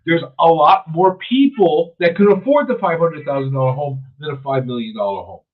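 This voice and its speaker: A man's voice: a little high, expressive, fairly quick. A man hosting a talk radio show, giving an emphatic, opinionated monologue and often restarting his sentences. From New York City. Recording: tinny phone-like radio audio.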